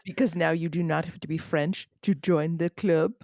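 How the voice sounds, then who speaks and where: Gravelly-voiced joking woman co-host. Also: low-pitched, fairly even intonation, normal speed, dark tone, no room sound, studio quality. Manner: joking and playful. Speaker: podcast co-host. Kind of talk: casual chat.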